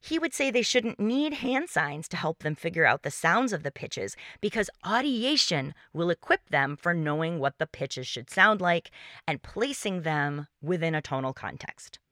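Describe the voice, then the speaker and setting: Bright-voiced woman hosting a podcast. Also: lowish voice, big pitch swings, no echo, studio quality. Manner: clear, explanatory, measured delivery. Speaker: podcast host. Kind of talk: solo podcast talk on music teaching.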